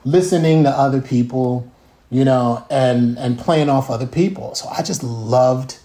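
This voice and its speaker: A man in his fifties, a guest telling lively, profane stories and acting out the people in them. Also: mid-range voice, unhurried. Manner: lively, profane, quotes people in put-on voices. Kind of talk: casual storytelling. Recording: echoey room.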